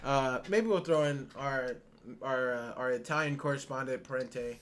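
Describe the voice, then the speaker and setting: A man co-hosts a laid-back podcast, cursing nonstop and breaking into laughter mid-sentence as he rants. His voice sits in the middle range, fairly bright, at a normal speed, and it climbs sharply whenever he gets worked up.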